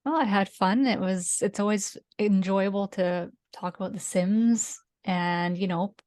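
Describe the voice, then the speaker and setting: Woman from Canada, podcast guest; relaxed, rambling, quick to laugh. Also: medium pitch. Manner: easygoing, laughs a lot, trailing fillers. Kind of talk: casual podcast interview.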